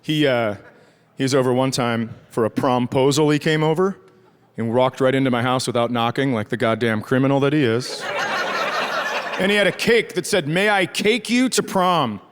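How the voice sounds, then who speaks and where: A man's voice: medium pitch, normal speed, noisy background. A middle-aged man from the Midwest doing a sardonic, profane stand-up set, acting out the people in his stories. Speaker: stand-up comedian. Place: theater stage before a live audience. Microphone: stage microphone. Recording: live crowd laughing throughout. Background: audience laughter.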